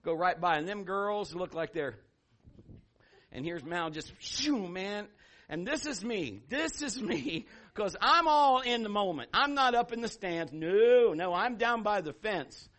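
A middle-aged male pastor preaches with a high, bright, ringing voice. He tells his story with animation, dropping to hushed asides and rising to shouts. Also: expressive, measured pace. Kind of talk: sermon with storytelling.

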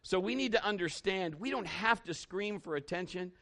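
A man's voice: sits high, expressive, normal speed, a bit bright. A man preaching a sermon in a folksy, conversational way, acting out little stories and quoting scripture with emphasis. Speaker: pastor.

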